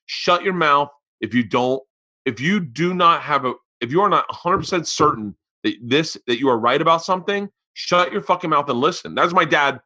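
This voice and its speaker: A middle-aged man hosting a podcast, telling stories in loud, profane casual chat and acting out the people in them. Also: fairly high pitch, animated, moderate pace. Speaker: podcast host.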